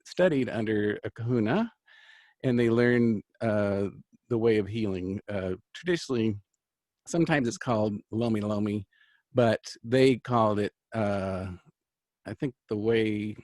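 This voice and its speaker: Unhurried and low, with a darkish tone on a dry recording, a middle-aged man recounts a long personal story in casual conversation. He's a host who reads angel cards and heals, and he talks in an earnest, meandering way full of fillers and restarts.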